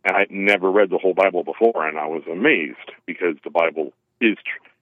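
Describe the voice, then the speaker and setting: Rambling low-voiced man on a phone line. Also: dry recording. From California. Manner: rambling, self-deprecating, halting with restarts. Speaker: caller. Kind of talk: phone call-in chat. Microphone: telephone.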